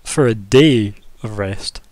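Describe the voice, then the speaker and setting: A man's voice: on the low side, slow pace, a little mellow, no room sound. Male game master, casual and teasing, dry close mic. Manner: casual, laughing, teasing players. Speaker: dungeon master. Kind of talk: narrating a tabletop game.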